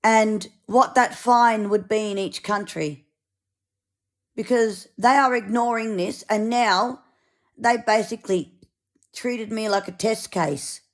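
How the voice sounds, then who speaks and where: A woman's voice: a little high, slow pace. A woman ranting angrily, sweary and sarcastic. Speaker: vlogger. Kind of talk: angry rant to camera.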